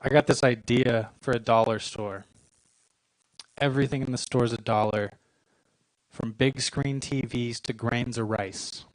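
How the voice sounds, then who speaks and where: A young man in his twenties works through a stand-up set with a deadpan, self-mocking delivery, landing short punchlines. His voice sits at an ordinary middle pitch and sounds close and dry, with little room around it. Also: unhurried, no room sound, rough recording. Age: 20s. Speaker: stand-up comedian. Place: comedy club stage.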